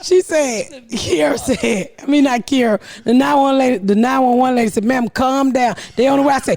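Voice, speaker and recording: Loud profane woman telling a story. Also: high-pitched, normal speed, vocal fry. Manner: loud profane storytelling, acting out her own shouted lines. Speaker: podcast host. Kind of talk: storytelling comedy chat.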